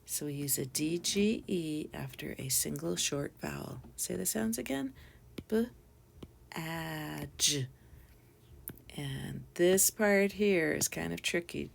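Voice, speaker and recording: A woman teacher leads a phonics lesson for small children, sounding out each letter and syllable with patience. She speaks slowly in a lowish, gravelly voice.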